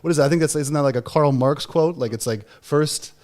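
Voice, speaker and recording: A man's voice: on the high side, fairly quick, darkish tone. Man, thirties, podcast host, rambly casual talk, lots of likes and restarts. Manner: rambling, full of fillers and restarts. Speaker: book club podcast host. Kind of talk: casual livestream discussion.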